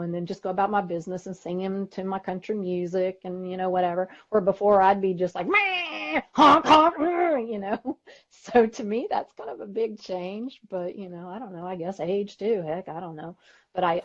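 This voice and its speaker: A middle-aged woman with a Texan accent, co-hosting a podcast and telling stories in a chatty, animated way. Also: on the low side, fairly quick. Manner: chatty, storytelling, lively voices for quoted people. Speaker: podcast co-host. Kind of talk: casual chat. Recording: dull lo-fi audio.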